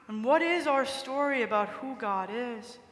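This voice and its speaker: A woman preacher telling a story in a conversational, expressive sermon, recorded in a large cathedral with echoey reverb. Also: a little high, a little slow.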